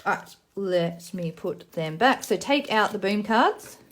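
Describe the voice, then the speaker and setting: A woman's voice: medium pitch, animated. A woman demonstrating phonics card games in a casual tutorial, sounding out words letter by letter and explaining the rules in a chatty way. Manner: sounds out words slowly, then explains briskly. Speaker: teacher demonstrating literacy games.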